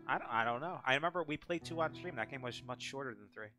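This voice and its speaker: A man's voice: mid-range voice, fast, music in the background. A man co-streaming a video game, chatting casually with dry, joking asides. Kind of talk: casual gaming chat.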